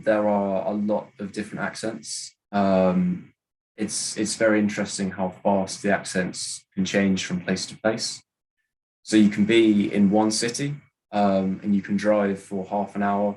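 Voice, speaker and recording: Deep-voiced British man, hesitant. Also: darkish tone, low-quality recording. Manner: hesitant, many ums and restarts. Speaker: guest speaker at a language exchange. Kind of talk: casual panel answer, switching to Spanish.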